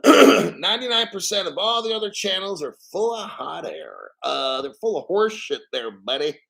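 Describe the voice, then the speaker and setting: A brash man hosting a crypto vlog, swearing freely and cracking jokes between points. His voice sits a little high for a man, and he hammers home key words by slowing right down on them. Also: animated, gravelly, a bit bright. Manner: brash and profane, jokey asides; emphatic, repeats words slowly. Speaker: crypto channel host. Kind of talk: casual crypto vlog commentary.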